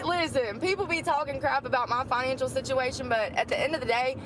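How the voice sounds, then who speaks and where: Brief: gossipy woman vlogger, slightly high voice, traffic passing behind. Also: expressive, moderate pace, few pauses. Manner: rambling, gossipy, folksy. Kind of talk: casual chatty vlog. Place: outdoors by a store lot. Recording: outdoor traffic noise.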